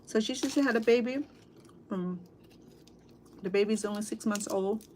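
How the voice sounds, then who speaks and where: A middle-aged Cambodian-accented woman talks to her viewers while she eats, in a loose, easygoing chat. Her pitch sits mid-range, and she stops and restarts her sentences often, with plenty of "um"s. A faint hum of room noise lies behind her phone. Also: darkish tone. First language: Khmer. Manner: chatty, halting, with frequent fillers and restarts. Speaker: cooking vlogger and interpreter. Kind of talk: casual livestream chat while eating. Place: at home at a dinner table.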